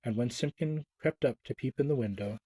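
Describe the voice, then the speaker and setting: A man reading a classic children's story aloud, gentle and expressive, with small stumbles. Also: mid-range voice, brisk, slightly rough.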